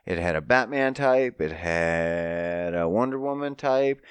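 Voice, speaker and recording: A man hosting a casual podcast, telling a story with mocking high-pitched asides and swearing. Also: expressive, a little slow, clear, resonant tone, no room sound. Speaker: podcast host.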